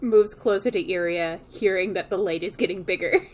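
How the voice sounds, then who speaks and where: A woman playing in a tabletop game, slowly describing what her character does. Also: lowish voice, a little hiss or hum. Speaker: player. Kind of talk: tabletop role-play.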